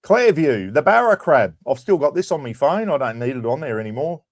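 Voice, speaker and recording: A man's voice: medium pitch, sing-song, brisk, dry recording, clean studio sound. A middle-aged Australian man hosting a casual livestream chat. He greets viewers by name and drops in casual swearing. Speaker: livestream host.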